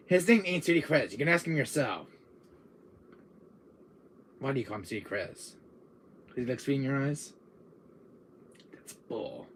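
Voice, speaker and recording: An exasperated man chatting on a live stream, laughing and bursting out loud. His voice is bright and a touch husky, and it swings widely up and down. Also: mid-range voice, expressive, measured pace, long pauses. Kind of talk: casual live-stream chat with comic role-play.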